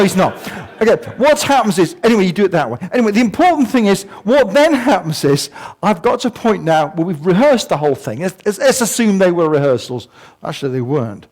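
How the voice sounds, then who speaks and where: An older man giving a humorous talk to an audience, telling stories with self-mocking asides and sound effects. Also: high voice. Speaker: guest speaker. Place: museum talk before a live audience.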